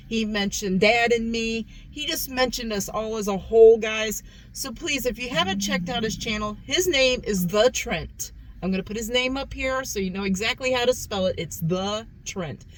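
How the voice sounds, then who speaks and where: A woman's voice: a little high, a bit bright, slight background noise, poor audio. A woman hosting a casual food review vlog, chatty, repeating herself and calling her viewers "guys". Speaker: food review channel host.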